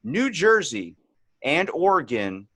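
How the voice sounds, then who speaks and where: A man's voice: fairly high pitch, slow pace, no room sound. A man hosting a podcast, telling stories in a casual chat and mimicking the accents of people he meets. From Ocean City, Maryland. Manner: animated storytelling, mimics accents. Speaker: podcast host.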